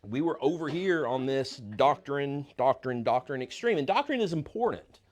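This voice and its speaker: Man, 50s, Bible class teacher; casual and halting, lots of repeats. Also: medium pitch, lively intonation. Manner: halting, repeats words and restarts often.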